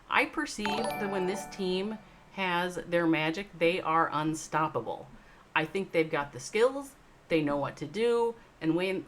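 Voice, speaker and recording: A woman hosting a live stream, talking straight to chat viewers. She swings between loud, emphatic, swearing bursts and slow, soft reflection. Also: mid-range voice. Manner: addresses chat viewers by name. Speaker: livestream host, esports org owner. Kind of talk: emotional livestream monologue.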